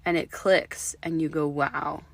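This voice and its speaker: Excited hoarse woman podcaster. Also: fairly low pitch, measured pace. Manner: excited and effusive, drops to whispers for emphasis. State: hoarse from illness. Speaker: podcast host. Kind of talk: solo podcast monologue.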